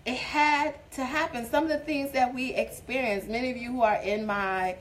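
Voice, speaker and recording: Woman, faith talk host, slightly high voice, earnest, exhorting, preachy emphasis, webcam stream. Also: steady tone, normal speed, rough recording. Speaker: host of a faith-based singles show. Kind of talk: informal devotional talk to viewers.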